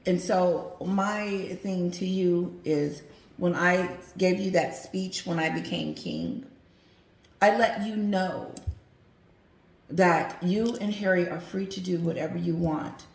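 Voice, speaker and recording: A woman voicing an older male king who is aggrieved and firm, scolding in a stern, measured way. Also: on the low side, gravelly, darkish tone. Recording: roomy echo.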